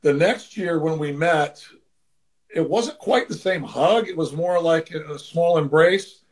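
A former baseball manager, appearing as an interview guest, tells a personal story earnestly in casual conversation, now and then acting out the voices of the people involved. His voice sits on the high side and he speaks unhurriedly.

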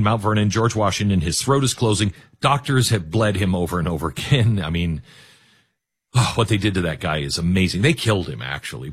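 A middle-aged man hosting a talk show, telling a story in a monologue with animated, jokey asides. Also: on the low side, breathy edge. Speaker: radio talk show host.

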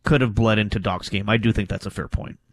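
A man co-hosting a radio sports talk show, who gets worked up and climbs in pitch when riled. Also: fairly even intonation, quick pace, dry recording.

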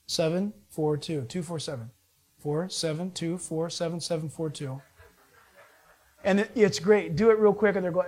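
A male pastor preaching a sermon, animated, voice rising with emphasis and dropping low and quiet at phrase ends. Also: moderate pace, long pauses. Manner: animated preaching, pitch swings up and down.

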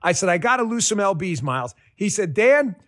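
A radio host delivers a personal testimonial ad in a fairly high voice. He sounds folksy and enthusiastic, talking casually to the listener, and the recording is dry and close. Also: sing-song, brisk, a bit bright, dry recording.

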